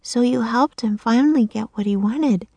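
Woman putting on a young girl voice, high and bright, earnest, pleading, storybook, dry sound. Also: moderate pace, gravelly, slightly rough, no echo. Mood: gentle. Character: brave, kind young girl.

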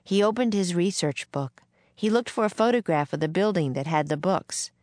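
A woman narrating a children's chapter book in a clear, steady storytelling voice. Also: on the low side, normal speed, dry recording. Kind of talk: children's audiobook reading.

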